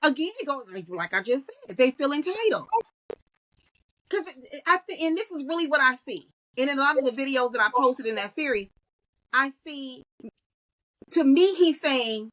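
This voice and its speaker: High bright-voiced woman telling it animatedly. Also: moderate pace, rough recording. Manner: animated storytelling, acts out quoted voices. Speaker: guest, content creator. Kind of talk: podcast interview conversation.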